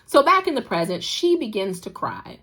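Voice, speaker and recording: A woman's voice: medium pitch, normal speed, gravelly, husky. Sassy woman recapping a drama. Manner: sassy, animated, talks back to characters. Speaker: podcast host recapping a drama. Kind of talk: casual recap chat.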